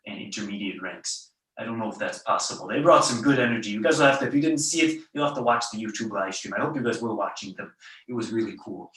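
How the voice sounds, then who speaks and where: A taekwondo instructor leading a belt test over a video call, barking counts and commands and letting out loud yells, recorded in a studio. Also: mid-range voice. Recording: roomy echo, far from the mic.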